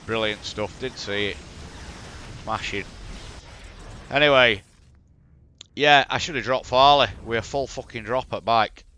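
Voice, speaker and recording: A man's voice: medium pitch, a little slow, long pauses, bright, forceful tone, a little hiss or hum. A man with a Yorkshire accent, commentating a replay of his own strategy game in blunt, sweary, exasperated banter. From Yorkshire, England. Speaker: gaming commentator.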